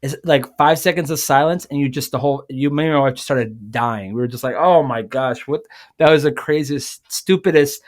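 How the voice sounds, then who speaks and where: A man chatting as a guest on a podcast, spinning a lively personal anecdote. He talks casually, piles up fillers and restarts, and slips into other people's voices as he goes. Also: medium pitch, fairly quick, hardly any pauses. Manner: animated, acts out quoted voices; frequent fillers and self-corrections. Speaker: guest musician. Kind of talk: casual storytelling.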